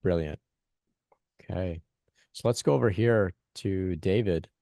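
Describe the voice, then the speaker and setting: Man host, low mellow voice, dry close sound, halting reflective talk for a spiritual group call, repeats himself. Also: creaky, dry recording. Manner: halting, repeats phrases, asks "right?".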